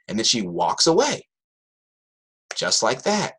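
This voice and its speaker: A man, a high school math teacher, telling a classroom story to an audience and acting out his students' voices. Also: takes it slowly, slightly rough. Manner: animated, acts out students' voices in quotes.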